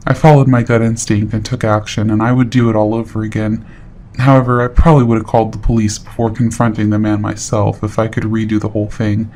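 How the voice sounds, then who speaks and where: A man reading a horror story aloud in steady, matter-of-fact scripted narration. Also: fairly low pitch, slight background noise.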